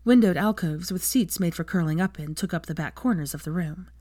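A woman reading fan fiction aloud as a steady storybook narration. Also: on the low side, fairly quick, no room sound, studio quality.

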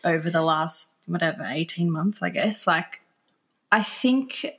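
A woman's voice: fairly low pitch, measured pace, fairly bright tone. A young woman, a podcast guest, talking in a casual, chatty way with lots of fillers. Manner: laughing, chatty storytelling with many fillers. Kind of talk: casual conversational interview.

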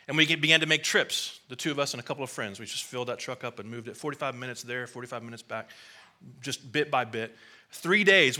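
A man's voice: on the high side, bright, forceful tone. A middle-aged man, a pastor, preaching a sermon in a conversational, storytelling way with asides to the congregation.

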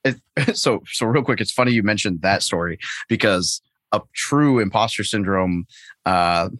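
A man's voice: on the low side, expressive, normal speed, fairly bright tone, dry recording. A man on a remote call as a podcast guest, talking casually and self-deprecatingly, with lots of fillers and restarts. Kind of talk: casual conversation.

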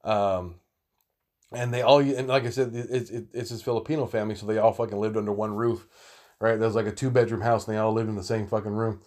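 A man in his thirties with a twang, spinning a loose, profanity-laden tale. He rambles and restarts, swears freely, and breaks into laughter as he goes. He sounds relaxed and talkative. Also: lowish voice, fast talker. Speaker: storyteller. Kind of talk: casual storytelling monologue.

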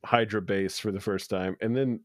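A man with a low voice chats casually as a podcast co-host, breaking down a film scene by scene. He cracks crude jokes and laughs often. The sound is dry and close, with no room around it. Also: fairly even intonation, moderate pace, dry recording. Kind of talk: casual movie-review chat.

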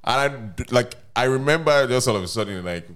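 A young man, co-hosting a casual podcast and telling animated, slangy anecdotes through laughter. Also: mid-range voice, brisk. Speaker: podcast co-host. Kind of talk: casual chat.

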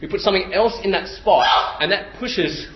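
Lively high-voiced preacher in echoey hall. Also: male voice, normal speed, muffled recording. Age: 30s. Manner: animated storytelling, repeats phrases, shouts impressions. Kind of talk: sermon.

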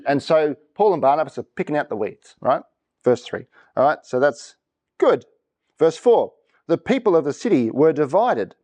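Lively man preaching interactively. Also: on the high side, normal speed. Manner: lively, asks congregation for reactions. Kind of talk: interactive sermon. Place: church.

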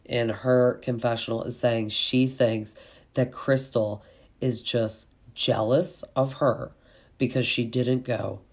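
A podcast host talks through a reality show recap in a chatty, gossipy way. The voice sits at an ordinary middle pitch. Fillers like "like" come constantly as the speaker rambles on. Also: steady tone, takes it slowly, a little mellow. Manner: chatty, gossipy, heavy use of "like".

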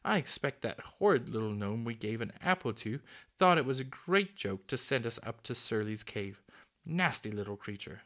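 A man's voice: medium pitch, expressive, normal speed, fairly bright tone, lightly acted. A man voicing a bold, easily cross young boy in a storybook reading, close to his own voice. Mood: plain. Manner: plain, slightly gloomy delivery.

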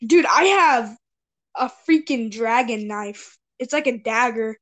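A woman's voice: on the high side, slow. A teenage girl hosting a casual chat with friends, teasing and giggly as she steers the topics. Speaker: podcast host.

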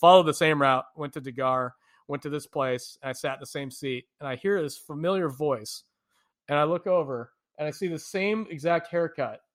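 A man's voice: fairly high pitch, moderate pace, fairly bright tone. A man, a podcast co-host from the United States, animatedly telling travel stories in a casual chat, laughing often.

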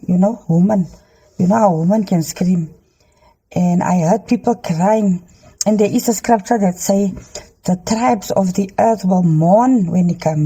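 A middle-aged woman recording herself on a handheld phone inside a car, earnestly sharing a dream with halting ums and preachy urging. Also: lowish voice, warm tone, slightly rough. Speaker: Christian dream sharer. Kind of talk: earnest testimony to a phone camera.

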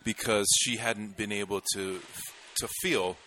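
A man with a bright, forward voice tells a story in casual conversation. He gets animated and laughs through the telling. He fills his talk with likes and ums. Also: lowish voice, unhurried, a little hiss or hum. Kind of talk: casual chat.

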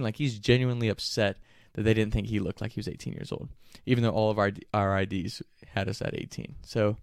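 A young man telling a story casually, animated and profane, often laughing mid-telling. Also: lowish voice, a little fast, creaky, hardly any pauses, dry recording, clean studio sound.

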